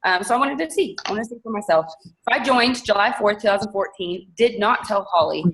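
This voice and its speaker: A young woman tells her story in a loose, chatty way. Her pitch sits mid-range, and she stays animated throughout. A faint noise runs under the call audio. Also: a little fast, rough recording. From Texas. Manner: chatty, animated, laughs often. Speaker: guest.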